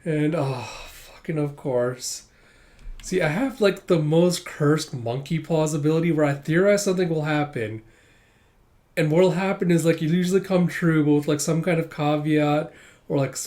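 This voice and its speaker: A man's voice: fairly high pitch, normal speed, a little mellow. A man chatting casually through a manga chapter, often laughing and swearing offhandedly. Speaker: manga reviewer.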